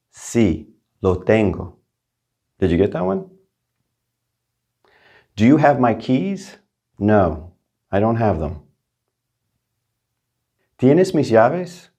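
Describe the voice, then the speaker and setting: Low-voiced man teaching a language lesson. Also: a little mellow. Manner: patient, checks in with "right?" and "okay?". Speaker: Spanish teacher. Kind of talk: explaining grammar to learners.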